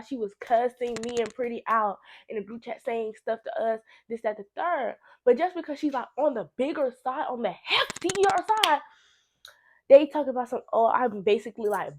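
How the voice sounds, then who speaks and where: A young woman telling a messy personal story to camera, animated and blunt, swearing freely and repeating phrases for emphasis. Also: a little high. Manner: animated, blunt and heavily profane, with laughing asides. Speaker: storytime vlogger. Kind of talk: casual storytime monologue.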